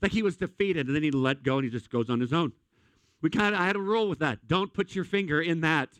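Animated, joking male preacher. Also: on the high side, fast, no room sound. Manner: animated comic storytelling. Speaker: pastor. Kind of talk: sermon.

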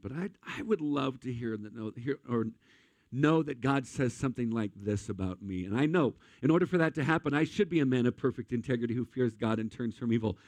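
Animated, joking male preacher. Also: mid-range voice, no echo. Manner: animated comic storytelling. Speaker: pastor. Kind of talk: sermon.

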